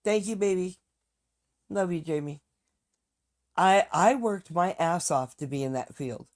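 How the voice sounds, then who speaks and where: A woman's voice: on the low side, expressive, unhurried. A woman streaming live, talking bluntly and with heavy profanity as she rants straight to her viewers. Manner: fired-up ranting to viewers. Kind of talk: casual live-stream chat.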